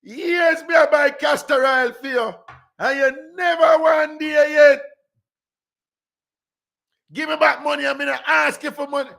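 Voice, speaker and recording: A man's voice: fairly even intonation, vocal fry, fairly bright tone, heavily acted. A man putting on the voice of an indignant woman arguing, with a Jamaican accent. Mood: shouting, exasperated. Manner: shrill, exasperated, rapid retorts.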